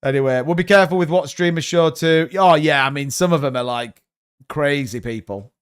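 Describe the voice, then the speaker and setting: A man's voice: a little high, a little fast, smooth. A man in his thirties, hosting a crypto livestream, talking bluntly and rambling, sometimes swearing. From United Kingdom. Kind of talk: casual livestream chat.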